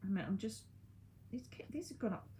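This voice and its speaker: A woman's voice: a little high, lively intonation, brisk, mellow, a little hiss or hum. A woman reading oracle cards to camera in a chatty, reassuring way that laughs at herself. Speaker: psychic medium reading cards. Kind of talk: casual tarot card reading to camera.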